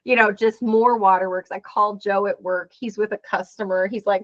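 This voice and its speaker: A woman's voice: mid-range voice, steady tone, normal speed, dry recording. Earnest woman in her forties. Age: 40s. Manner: earnest, acts out quoted dialogue. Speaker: interview guest. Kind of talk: emotional personal storytelling. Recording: dull, dry lo-fi sound.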